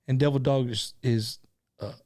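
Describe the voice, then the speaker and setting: A man's voice: mid-range voice, fairly even intonation, normal speed, warm tone. A middle-aged man hosting a casual live stream, chatting and telling stories in an easygoing way, with plenty of "you know" and "man".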